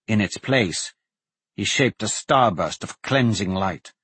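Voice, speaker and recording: Husky male audiobook narrator. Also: fairly low pitch, no echo. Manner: measured, steady reading. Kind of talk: scripted fantasy narration.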